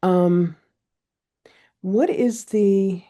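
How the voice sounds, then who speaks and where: A woman's voice: medium pitch, very slow, warm tone. A woman poet, a guest in a casual interview, telling stories in a chatty way. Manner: chatty storytelling.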